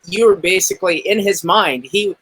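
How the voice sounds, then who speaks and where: A man's voice: high voice, normal speed, fairly bright tone, husky, rough recording. A man hosting an interview, asking questions like an eager fan and rambling encouragingly. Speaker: host.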